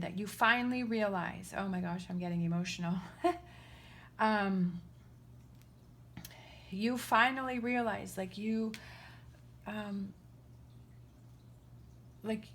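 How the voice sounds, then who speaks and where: A woman's voice: medium pitch, slight background noise. A woman giving a casual spoken tarot reading, earnest and reassuring, often checking in with the listener. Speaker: tarot reader.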